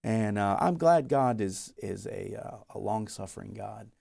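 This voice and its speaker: A young missionary guest gives his testimony in an interview, earnestly recounting how he was called to missions and acting out the quotes as he tells it. His voice sits on the low side and is expressive and mellow, with some vocal fry, and he speaks at a measured pace.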